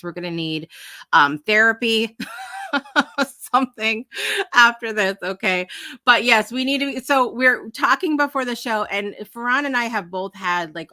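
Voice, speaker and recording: A woman hosts a live morning talk show in a loose, rambling way, full of fillers and quick laughs. Her voice is bright and forward. The sound is dry and close, with no room in it. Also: medium pitch, no echo. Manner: chatty and rambling, with frequent fillers and asides; bubbly and emotional, laughing often. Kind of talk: casual live-stream chat.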